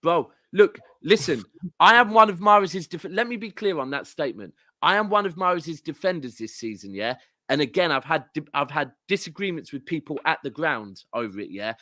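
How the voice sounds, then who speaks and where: Animated southern English man, dry sound. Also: a little high, brisk, no room sound. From southern England. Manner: animated ranting, swears. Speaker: guest football fan. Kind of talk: casual podcast chat.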